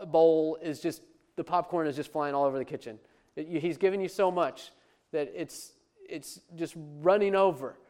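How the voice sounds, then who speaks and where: Man, pastor, sermon, conversational, emphatic, clear resonant voice. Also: a little high, darkish tone. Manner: conversational, emphatic preaching with restarts.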